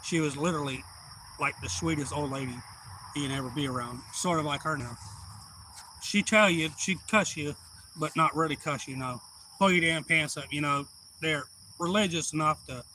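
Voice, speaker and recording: A man's voice: fairly high pitch, sharp tone, slight background noise, poor audio. A man telling a rambling family story on a livestream, folksy and swearing freely. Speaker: livestream host. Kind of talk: casual storytelling.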